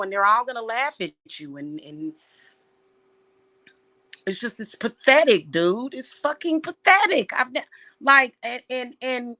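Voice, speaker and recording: A woman's voice: mid-range voice, sharp tone. A woman vlogger delivering an angry, profane rant straight at someone, repeating her words as she talks. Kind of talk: angry direct-address rant.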